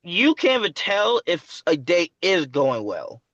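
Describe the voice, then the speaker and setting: A man's voice: sits high, huge pitch swings, a little slow, a bit bright, dry recording. A man giving a younger guy blunt dating advice, emphatic and stumbling over his words. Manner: emphatic, stumbling, addresses guest directly. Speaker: dating coach. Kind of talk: casual coaching chat. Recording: dull dry lo-fi sound.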